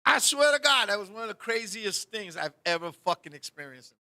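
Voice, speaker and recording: A man's voice: sits high, normal speed. A man hosting a talk show, telling a funny story in a loose, profane way and acting out the people in it. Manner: animated, profane, acts out the people in his story. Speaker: podcast host. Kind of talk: casual storytelling chat.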